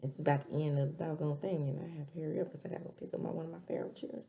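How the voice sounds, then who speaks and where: A woman casually recapping a TV episode, chatty, with quick asides between scenes. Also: low voice, steady tone, creaky, mellow. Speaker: TV episode reviewer.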